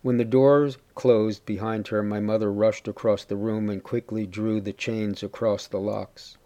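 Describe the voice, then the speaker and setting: A man giving a steady, measured first-person story reading. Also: on the low side. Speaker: reader.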